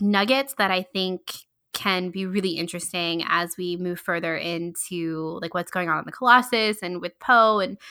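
Bright-voiced upbeat woman. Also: lowish voice. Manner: upbeat, many ums and likes. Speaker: podcast co-host. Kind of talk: casual chat.

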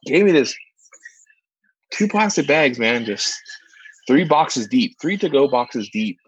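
A man co-hosting a casual chat, telling stories with lively, much higher put-on voices for the people he quotes. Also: measured pace, slightly rough, no room sound, muffled recording. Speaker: podcast co-host, church ministry worker.

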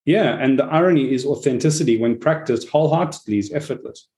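Reflective man telling animated stories. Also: mid-range voice, quick pace. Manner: reflective, animated storytelling with swearing. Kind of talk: casual conversation.

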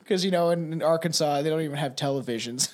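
A man's voice: fairly high pitch, quick pace. A Canadian man co-hosting a podcast, joking and swearing casually and laughing at his own jokes. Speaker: podcast co-host. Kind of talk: casual chat.

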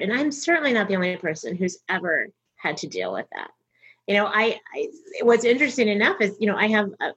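On the high side and husky, the voice belongs to a middle-aged North Texas woman who works as a comedian and voice actor. In a candid interview she tells stories with animation, voicing other people's lines herself. The recording has its highs cut off.

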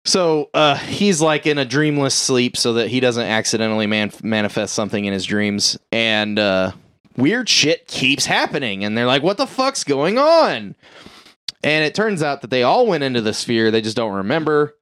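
Smooth-voiced man rambling through a casual recap. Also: mid-range voice, expressive, normal speed, fairly bright tone, no room sound, studio quality. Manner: rambling, profane, lots of "like" and "uh", acts out characters' lines. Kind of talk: casual movie recap chat.

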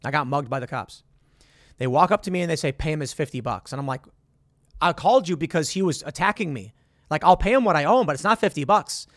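A fast-talking, animated man with a slightly high voice hosts a podcast, recorded in studio quality with no room sound. He gives blunt opinions in a monologue and tells stories using quoted dialogue.

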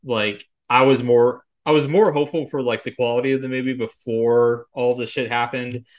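A man's voice: medium pitch, steady tone, moderate pace. A man co-hosting a casual podcast about film and TV, talking in a rambling way full of fillers and the occasional swear. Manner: rambling, filler-heavy, frequent "like" and "you know". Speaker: podcast co-host.

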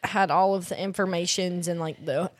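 A woman's voice: on the low side, fairly even intonation, moderate pace, dry recording. A woman co-hosting a podcast, chiming in with short remarks and finishing the other speaker's sentences. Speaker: podcast co-host. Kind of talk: casual chat about a vacation.

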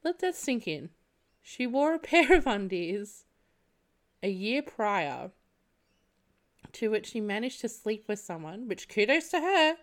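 A woman's voice: mid-range voice, a little slow, pauses often. A young woman hosting a podcast, telling a funny personal story with lots of laughing and casual swearing. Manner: animated, laughs often while telling, swears freely. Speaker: podcast host.

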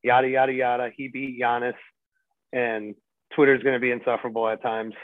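A man's voice: medium pitch, level tone, brisk, dry recording. Man, grumbling profane sports talk, tinny phone-like sound, dry, podcast co-host. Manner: grumbling, profane, restarts often. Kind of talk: casual sports chat.

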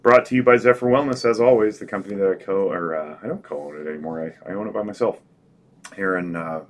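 Deep-voiced rambling male podcast host. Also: quick pace. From Northern Nevada. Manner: rambling, self-correcting, with many fillers. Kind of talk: casual podcast chat.

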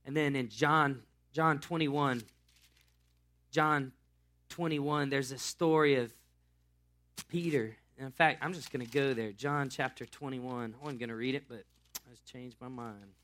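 A man's voice: mid-range voice, measured pace, a bit bright. A man pastor preaching a sermon in a casual, storytelling way.

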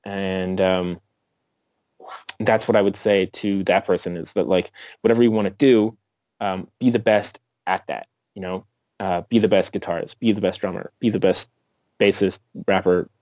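A man's voice: low voice, steady tone, normal speed, darkish tone, no echo. A man, a musician guest, giving a casual interview answer in a laid-back way with lots of fillers.

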